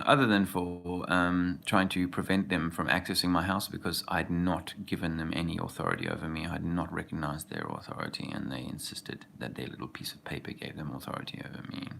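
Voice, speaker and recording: A man's voice: deep voice, creaky, fairly bright tone, slight background noise. A man talking in a rambling casual monologue as an activist video host, often losing his thread.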